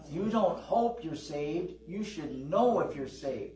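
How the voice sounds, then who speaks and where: A man's voice: fairly high pitch, lively intonation, slow pace, few pauses, warm tone. A middle-aged man preaching a sermon in a conversational way, calling for amens and acting out dialogue in his stories. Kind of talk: sermon with storytelling. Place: church service. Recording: roomy, distant from the mic.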